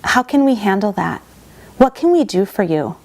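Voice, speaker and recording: A woman's voice: medium pitch, very animated, normal speed, a little mellow. A woman acting out a condescending woman who fakes sympathy in a syrupy, patronizing tone.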